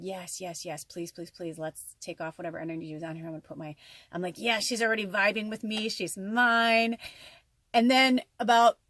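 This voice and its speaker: A woman telling a personal story in a casual vlog, excitable, swearing often and acting out her own dialogue. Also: medium pitch, dry recording.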